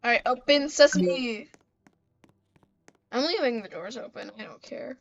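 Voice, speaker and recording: High-voiced woman narrating her gameplay. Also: animated, a little slow, gravelly, lo-fi sound. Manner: chatty, talks back to game characters. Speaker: gamer. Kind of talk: let's-play commentary.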